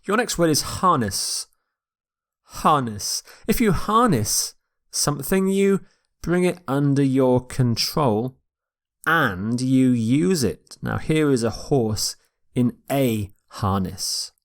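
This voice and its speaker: A man gives a vocabulary lecture at an unhurried pace, saying each word slowly. He repeats key words to model their pronunciation, in a voice of middling pitch. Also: lively intonation. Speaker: English teacher.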